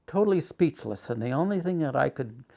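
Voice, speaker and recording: An older man recounts his own past in a documentary interview, his voice gravelly and full of fry. He speaks at an ordinary middle pitch, stumbling over restarts and growing more agitated as he goes. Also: lively intonation, mellow. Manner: recounts events with rising agitation and halting restarts. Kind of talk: personal storytelling.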